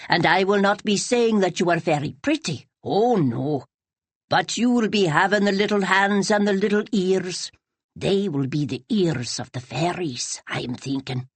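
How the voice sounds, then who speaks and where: A woman reading as a dignified old Highland Scottish widow, deep and rich-voiced, speaking with a slow, formal lilt. The recording is close and dry, with no room around it. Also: husky, dry recording, heavily acted. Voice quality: rich, lowered voice. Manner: formal, lilting old-fashioned phrasing. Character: stately old Highland Scotswoman, proud and strange.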